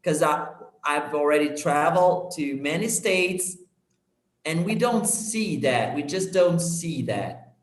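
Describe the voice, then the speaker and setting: Male host, fairly high voice, unhurried and halting, echoey room. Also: lively intonation. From Brazil. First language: Portuguese. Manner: halting, searches for words, laughs easily. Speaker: host of an English practice session. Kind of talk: casual conversation.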